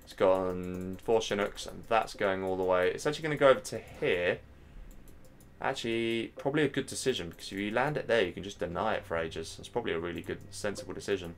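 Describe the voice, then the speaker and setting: A man in his thirties from England, hosting a live game stream and commentating matches in a chatty way, talking straight to his viewers and getting excited at big plays. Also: deep voice, fast talker. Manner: chatty, addresses the chat directly, gets excited at plays. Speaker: stream host and caster.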